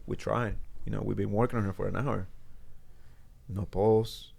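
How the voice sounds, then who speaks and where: Deep gravelly man, halting storyteller. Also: fairly even intonation, darkish tone. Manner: halting, earnest retelling with frequent restarts. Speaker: guest. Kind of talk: personal storytelling in a studio interview. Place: studio.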